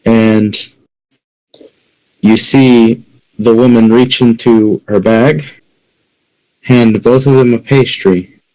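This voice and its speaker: Slow, low-voiced male game master. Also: warm tone, poor audio. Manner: unhurried, describes scenes in second person. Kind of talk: narrating a tabletop game.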